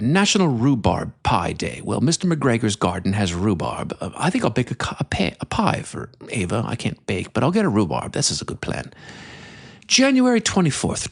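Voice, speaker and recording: A man's voice: medium pitch, creaky. A man hosting a podcast, reading out a list of odd holidays and cracking playful jokes about each. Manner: playful, joking asides. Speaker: podcast host. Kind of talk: comedic podcast monologue.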